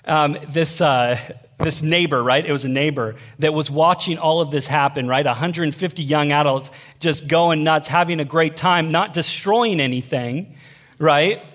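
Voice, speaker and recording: A man in his thirties preaching to young adults, lively and conversational, often pausing for the room to answer back. His voice sits a bit on the high side for a man, and he talks to the crowd like friends. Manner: animated, conversational preaching with call-and-response. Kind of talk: sermon.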